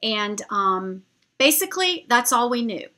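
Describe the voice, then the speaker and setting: Chatty woman with a bright voice. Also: fairly high pitch, a little slow. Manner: chatty, animated, addresses viewers directly. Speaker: vlogger. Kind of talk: storytelling travel anecdote to camera.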